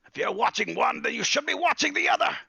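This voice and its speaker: A man voicing a cranky, short-tempered old male wizard who blusters and shouts at his familiar. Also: very high-pitched, big pitch swings, quick pace, vocal fry, breathy edge, no room sound, clean studio sound, pitched above the performer's own voice, full character voice. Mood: angry. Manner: blustering, shouting in fits of rage.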